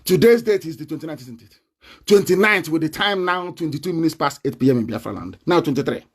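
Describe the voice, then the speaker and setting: A man with a Nigerian accent giving a combative live online broadcast, laughing often and breaking into shouts. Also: fairly high pitch, expressive, fast talker, slightly rough.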